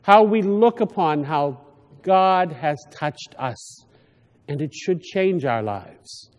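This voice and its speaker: A priest with a high, light voice delivers a homily, speaking plainly and often stopping to restart a thought. His words ring out with the long reverb of a church. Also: animated, lo-fi sound. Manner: conversational, halting with frequent restarts.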